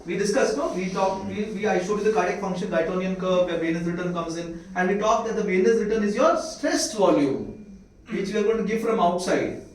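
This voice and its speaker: High-voiced Indian man lecturing in an echoey room. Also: a little fast. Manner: keeps quizzing the audience with rhetorical questions. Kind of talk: medical lecture to students. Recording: echoey room, mic far off, faint hiss.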